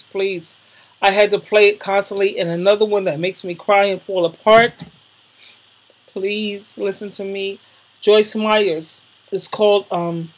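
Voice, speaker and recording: A woman's voice: medium pitch, rough recording. A woman YouTuber talking casually to her viewers, effusive and emotional, with slangy emphasis, calling them darling. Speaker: YouTuber recommending videos to viewers. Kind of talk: casual vlog talk.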